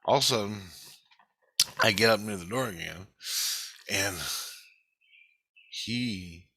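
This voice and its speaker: A man's voice: on the low side, slow, creaky, bright, forceful tone, breathy edge, no echo. A man talking in a rambling, profane monologue about a dream he had.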